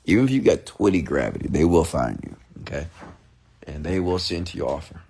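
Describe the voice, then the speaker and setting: A man's voice: extremely low pitch, big pitch swings, fairly quick, gravelly, mellow, slight background noise. A man hosting an unscripted livestream rant, talking casually and checking in with "okay?" and "get it?". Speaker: online marketing host.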